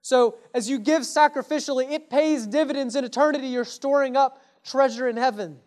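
At church, a male pastor preaches an earnest sermon, asking his congregation rhetorical questions and speaking to them directly and casually. His voice is very high with a darkish tone, and he talks fairly quickly.

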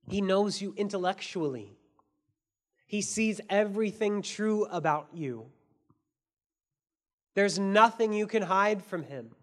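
Male pastor, sermon, high voice, earnest, soft to emphatic. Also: takes it slowly, pauses often. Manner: earnest preaching, swings between soft and emphatic; asks the audience many questions.

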